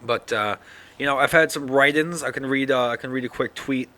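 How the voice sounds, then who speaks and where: A sleepy man rambles through his own podcast in a loose solo monologue, swearing freely and yawning between thoughts. His voice is bright and forceful at an ordinary pitch. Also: brisk. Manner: rambling, yawning, profane, full of fillers. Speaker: podcast host.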